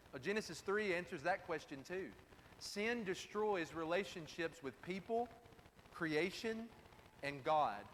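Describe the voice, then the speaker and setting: A man's voice: high-pitched, a bit bright, slight background noise. A man preaching a sermon in an emphatic way, repeating key phrases, recorded in a church sanctuary. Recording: distant, reverberant hall with faint ambience.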